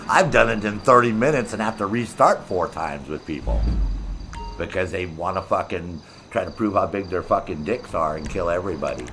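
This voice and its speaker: A man's voice: low voice, a bit bright, slight background noise. Laid-back, profane man narrating gameplay. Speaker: gameplay streamer. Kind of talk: casual gameplay commentary.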